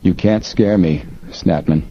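A man voicing a captive male detective who speaks in a weak, faint but steady and firm voice. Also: low-pitched, measured pace. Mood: defiant. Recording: dull lo-fi recording, faint hiss.

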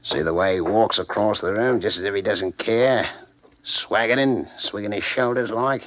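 An actor playing Grigsby, a boastful, scheming master thief, hearty and swaggering in an old-time radio drama. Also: male voice, fairly low pitch, moderate pace, a bit bright, no echo, natural voice. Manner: hearty, swaggering, laughs often.

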